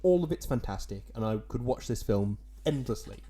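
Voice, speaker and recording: A man's voice: mid-range voice, expressive, a little fast, mellow. A young man co-hosting a podcast, talking in a dry, wordy and self-mocking way. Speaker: podcast co-host. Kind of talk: casual podcast chat.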